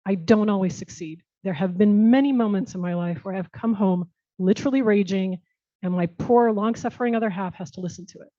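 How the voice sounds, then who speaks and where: Woman, leadership talk speaker, frank and reflective, warm mellow tone, slightly lo-fi. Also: medium pitch, fairly quick, dry recording. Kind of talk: candid conference talk.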